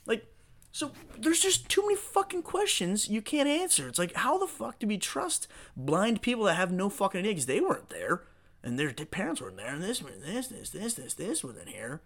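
Excitable, cursing guy rambling. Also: high voice, normal speed. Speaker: podcast host. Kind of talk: rambling solo podcast monologue.

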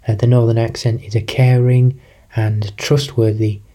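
A man co-hosts a language podcast, giving his opinions in a measured way. His voice is mellow and dark in tone, at a middle pitch. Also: flat delivery. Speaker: podcast co-host. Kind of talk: casual discussion.

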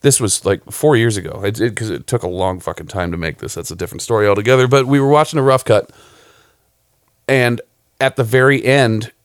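A man, a film director guesting on a podcast, telling profane, animated stories in casual chat. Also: lowish voice, fairly quick, no room sound, clean studio sound.

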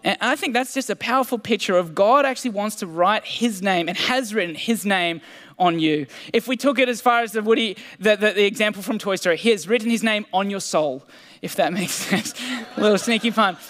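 Long hall reverb surrounds this man as he preaches casually, poking fun at himself and using fillers and restarts. His voice sits high, fairly quick and fairly bright.

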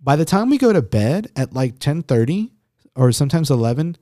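A man's voice: a little high, big pitch swings, a little fast, dark tone, dry recording. Laid-back swearing man, dry close sound. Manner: swearing, rambling, laughs easily. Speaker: podcast co-host. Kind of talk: casual chat. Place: home recording room.

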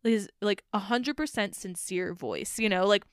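A woman's voice: medium pitch, moderate pace, smooth, dry recording, studio quality. A woman chatting about a TV show in an earnest, rambling way, full of "like". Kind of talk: casual chat about a TV show.

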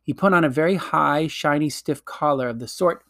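A man narrating a children's storybook aloud with a measured storytelling delivery. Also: fairly high pitch, a bit bright, dry recording, studio quality. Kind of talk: storybook audiobook reading.

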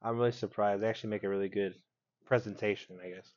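A young man co-hosting a casual podcast, quick to laugh and tease, saying "bro" a lot. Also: lowish voice, steady tone, dull audio. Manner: fast, laughing, teasing banter, says "bro". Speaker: podcast co-host. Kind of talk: casual chat.

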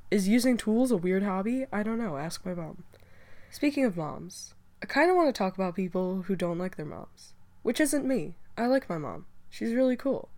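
A young woman talking on her own show in a loose, rambling way, full of "you know" and "like" and little restarts. Her voice sits a touch low for a woman. She sounds slightly stuffy from allergies. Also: darkish tone. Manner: rambling, chatty, frequent fillers and restarts. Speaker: podcast host. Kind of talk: casual solo chat.

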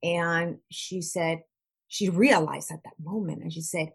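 A woman with a lowish, husky voice speaks as an interview guest. She talks earnestly and often repeats words as she searches for the right phrase, in a plain conversational way. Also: fairly even intonation, measured pace. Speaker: guest, trauma recovery practitioner.

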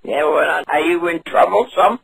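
A man's voice: a little high, normal speed, fairly bright tone, slight background noise, poor audio. A man voicing a confused, frail old woman on a prank call, rambling and stammering, mishearing and repeating himself. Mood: muddled. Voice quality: quavering, creaky. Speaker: prank caller.

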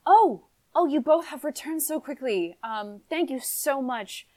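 A woman's voice: high-pitched, animated, unhurried, a little mellow, no echo, pitched above the performer's own voice. A woman voicing an anxious, grateful noble mother who speaks politely and hesitantly. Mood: fluttery.

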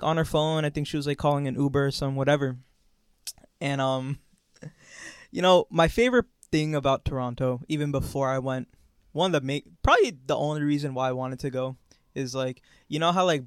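A man's voice: mid-range voice, fairly quick, smooth, no echo, studio quality. A young man co-hosting a podcast, telling stories in casual chat and laughing often as he talks. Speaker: podcast co-host.

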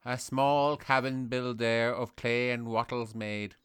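A man's voice: medium pitch, fairly even intonation, slow, a bit bright, clean tone, no room sound. A man doing a dreamy Irish poet in love. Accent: Irish, Sligo. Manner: wistful, speaks in poetic lines. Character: lovesick older male poet, dreamy, single-minded. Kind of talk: comedy sketch acting.

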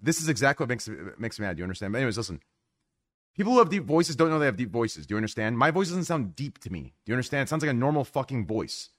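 A young man with a deep voice hosting a podcast, loud and excitable, swearing freely in casual chat. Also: rapid-fire. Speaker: podcast host.

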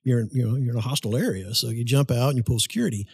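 Guest, male, husky voice, dry close mic, animated storyteller. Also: mid-range voice, very fast, no echo. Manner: animated, laughs through his story. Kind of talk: casual storytelling.

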